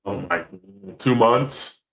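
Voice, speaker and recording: A man, a commercial fisherman, telling stories in a casual, animated way, acting out quotes and swearing freely. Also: mid-range voice, slow, creaky. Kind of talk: casual storytelling.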